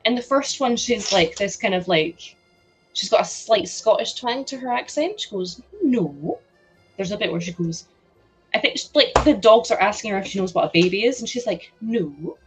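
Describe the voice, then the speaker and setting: A young woman hosting a live stream, chatting excitedly and laughing as she builds a toy set. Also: medium pitch, a little fast, soft background music. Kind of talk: casual chat while building a toy set.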